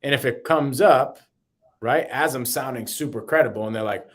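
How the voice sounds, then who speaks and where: A man co-hosting a casual real estate show, chatting in loose slang. He repeats and restarts words as he talks, in a voice of ordinary middle pitch. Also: moderate pace. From Boston. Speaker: co-host. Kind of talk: casual podcast chat.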